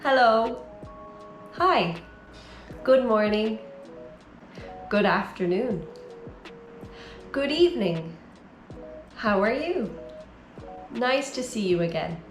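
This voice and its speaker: Irish woman teacher, higher voice, very slow careful delivery, roomy sound with faint music behind. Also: lively intonation. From Ireland. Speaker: English teacher. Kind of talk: slow, clear beginner language lesson.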